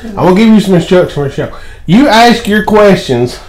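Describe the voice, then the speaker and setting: Man hosting a casual live stream, teasing, fairly high lively voice, echoey room. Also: a little fast. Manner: teasing, joking. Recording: echoey room, faint noise.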